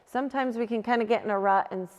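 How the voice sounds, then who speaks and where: A woman youth group leader giving a gentle, coaching talk, with frequent restarts and fillers. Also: on the high side, quick pace, in a large hall, highs cut off.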